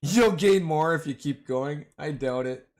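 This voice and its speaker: A man's voice: on the high side, measured pace, darkish tone. A man hosting a casual livestream, rambling and joking, often calling his viewers "man" and "boys". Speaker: livestream host.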